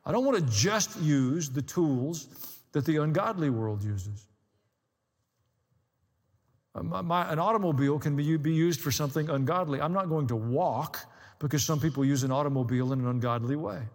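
A man with a notably high voice delivers a sermon from the pulpit, mixing dry asides with rising emphasis. His words ring out with a long reverb, as if in a large sanctuary. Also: animated, moderate pace. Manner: conversational preaching with dry humor and rising emphasis. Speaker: pastor.

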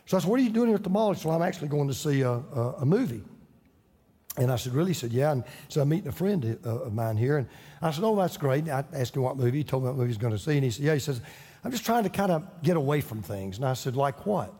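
A man's voice: medium pitch, animated, fast talker, mellow, slightly rough, long reverb tail. A man, a pastor, telling a story in his sermon and building to fervent preaching.

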